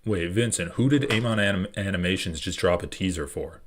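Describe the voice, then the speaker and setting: A man's voice: low-pitched, fairly quick. A man live-streaming his reactions to online clips, sarcastic and profane, often laughing as he talks. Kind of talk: casual live-stream commentary.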